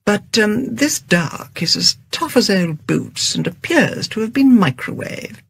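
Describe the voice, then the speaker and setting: A narrator voicing a mild, measured gentleman with dry humour. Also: sits high, expressive, creaky, slightly rough, full character voice. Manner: mild, measured, stiffly polite.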